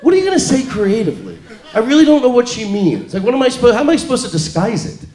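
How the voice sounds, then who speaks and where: High, animated man doing stand-up. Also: quick pace. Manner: mock-earnest, acting out quoted people. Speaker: stand-up comedian. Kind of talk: live stand-up set. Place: comedy club stage before a laughing audience. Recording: echoey live club with crowd noise.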